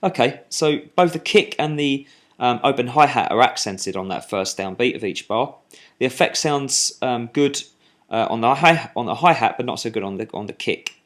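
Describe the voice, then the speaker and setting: Male tutor, mid pitch, halting walkthrough of music software while clicking. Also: expressive. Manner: talks while clicking, halting with fillers and restarts. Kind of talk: screen-recorded software tutorial.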